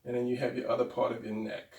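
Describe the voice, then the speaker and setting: A man's voice: medium pitch, monotone, fast, gravelly, a little mellow. A man teaching anatomy drawing in a casual, rambling way, thinking aloud as he sketches. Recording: roomy, mic far from speaker.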